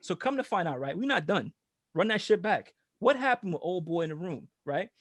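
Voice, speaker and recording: A man co-hosting a podcast, telling a story in a casual, profane and animated way and laughing often. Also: high-pitched, brisk, dry recording, clean studio sound. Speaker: podcast co-host.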